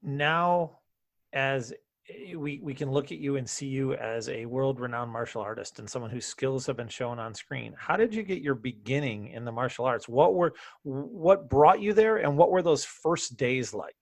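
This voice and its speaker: A man's voice: mid-range voice, normal speed, no echo. Man asking interview questions, dry sound. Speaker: podcast host.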